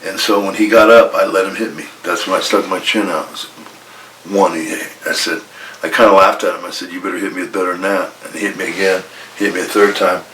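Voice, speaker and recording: Ex-wrestler guest, low voice, swears freely, tells it with quoted dialogue; room echo, distant mic. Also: male voice, steady tone, a little fast, pushed and bright, a little hiss or hum. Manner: blunt, profane, retells arguments in quoted dialogue. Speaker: retired pro wrestler guest. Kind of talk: candid storytelling interview. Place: indoor room with a coffee maker.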